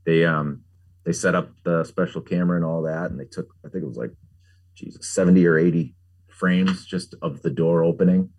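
A man's voice: low-pitched, fairly even intonation, brisk, a little mellow. A middle-aged man, a pumpkin carver, chatting casually as an interview guest, rambling with lots of fillers and jokes. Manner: rambling, frequent "like" fillers, jokey.

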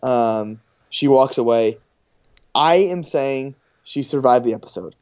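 A man's voice: mid-range voice, measured pace, darkish tone, clean tone, muffled recording. A man co-hosting a podcast in casual chat, joking and laughing often as he talks. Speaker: podcast co-host.

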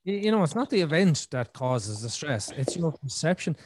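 A middle-aged man hosting a podcast in casual conversation, animated and talkative, repeating words and acting out his own thoughts. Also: on the high side, normal speed, slight background noise. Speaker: podcast host.

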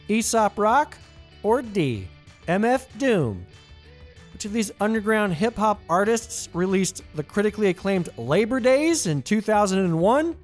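A man hosting a trivia podcast, reading answer choices and adding playful jokey asides. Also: high voice. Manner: playful, jokey asides, reads options twice. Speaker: trivia host.

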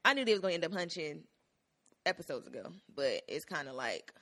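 A young woman co-hosting a casual podcast, chatting in an animated way with quick swings in pitch and loudness. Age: young adult. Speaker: podcast co-host. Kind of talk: casual chat recapping a TV episode.

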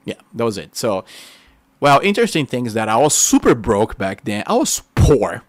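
A man with a Brazilian Portuguese accent, a native Portuguese speaker, giving a testimony sermon in an excitable, animated storytelling way. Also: mid-range voice, moderate pace, no echo. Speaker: preacher.

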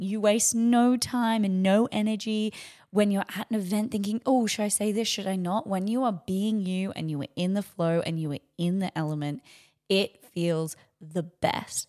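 An energetic young woman hosts a solo motivational podcast, loud and lively. She jumps from bright bursts to hushed, breathy asides, with a mid-range voice. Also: mid-range voice. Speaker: podcast host.

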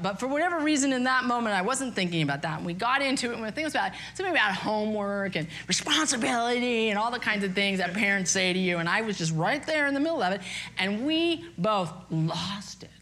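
A woman in her fifties telling a personal story in a candid, self-deprecating, animated way. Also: medium pitch. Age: 50s.

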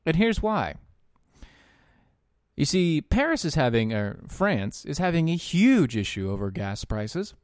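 A man giving opinion commentary, halting often with fillers and dropping into sarcastic muttered asides. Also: fairly high pitch, big pitch swings, clean tone, no echo, clean studio sound. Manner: sarcastic asides muttered under his breath; halting, with frequent fillers and restarts. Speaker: political commentator.

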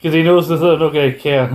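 A Scottish man co-hosting a film podcast, chatty and adding plot details with quick restarts. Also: on the high side, steady tone, darkish tone. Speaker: podcast co-host. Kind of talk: casual film review chat.

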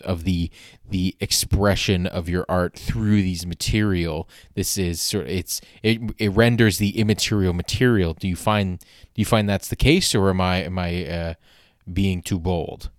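A man's voice: low-pitched, no echo, studio quality. A man mocking a pompous art-talk questioner. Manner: slow, overwrought, pretentious phrasing.

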